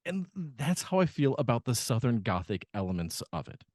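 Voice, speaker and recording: A man's voice: medium pitch, very animated, moderate pace, darkish tone, no room sound, studio quality. A man co-hosting a podcast, talking through a film in casual chat with lots of fillers and restarts. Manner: rambling, many fillers and restarts. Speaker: podcast co-host.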